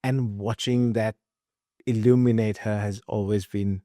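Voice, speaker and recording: A man's voice: lowish voice, steady tone, measured pace, warm tone, no room sound, studio quality. A middle-aged man hosting a podcast interview, earnest and thorough, asking long questions with fillers. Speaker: podcast host.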